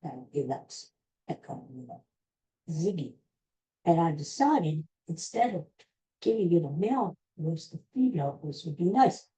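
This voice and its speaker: Rambling woman podcaster, low-ish mellow voice, chatty and excitable. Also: unhurried, poor audio. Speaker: podcast host. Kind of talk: casual rambling chat to camera.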